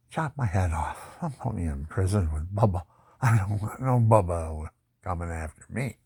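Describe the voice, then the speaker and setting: A man telling his life story in a personal testimony, animated and boastful, laughing often. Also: low-pitched, normal speed, slightly rough, no room sound, clean studio sound.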